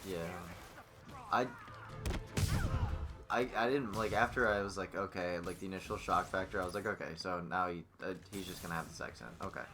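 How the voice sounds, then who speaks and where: A man's voice: sits low, brisk. A young man co-hosting a let's play, chatting in a laid-back way and laughing along. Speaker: co-host. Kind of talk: casual gaming chat. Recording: noisy mic. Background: noise.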